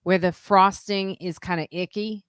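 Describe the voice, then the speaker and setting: A woman's voice: medium pitch, steady tone, measured pace, smooth, no echo, studio quality. A woman hosting a podcast in casual chat, telling stories animatedly with frequent laughs. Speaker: podcast host.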